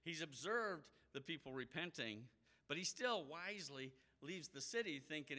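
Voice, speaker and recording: A man preaching a sermon in an animated way, acting out the voices he quotes. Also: fairly high pitch, moderate pace.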